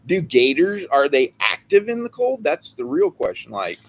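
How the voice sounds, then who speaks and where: Excitable rambling man, lively pitch. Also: moderate pace, a little hiss or hum. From California. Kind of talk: casual livestream chat.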